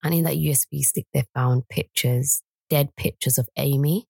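A young woman co-hosting a casual chat podcast, retelling a story in a husky voice. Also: rumbling low, steady tone, normal speed, a little mellow, no echo. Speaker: podcast co-host.

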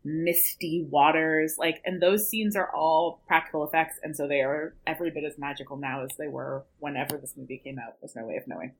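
A woman's voice: low voice, brisk, few pauses, low-quality recording. A woman co-hosts a casual podcast. She is enthusiastic and laughs easily as she chats. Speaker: podcast co-host. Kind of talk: casual chat.

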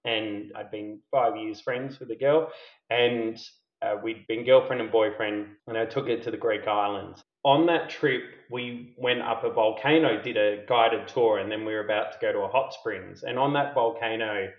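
As a podcast guest, a middle-aged company founder and CEO tells a candid, self-deprecating personal story, laughing at himself. His voice is lowish at a moderate pace, and the audio is roomy and slightly dull.

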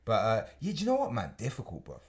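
A British man hosting a podcast in casual chat, slangy and animated, laughing often as he talks. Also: lowish voice, quick pace, husky. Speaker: podcast host.

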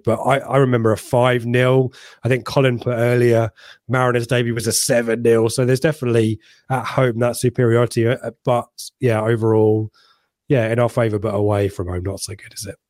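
A man's voice: medium pitch, level tone, a little fast, a little mellow, no room sound, clean studio sound. English man hosting a football podcast. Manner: hesitant, repeats words, reads the live chat. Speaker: podcast host. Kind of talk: casual football chat.

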